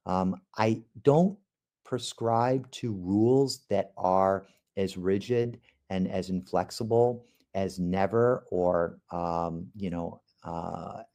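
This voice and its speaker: Speaking in a warm, lowish voice, this man is a trial lawyer lecturing on cross-examination for a podcast. His style is chatty and peppered with frequent ums and uhs.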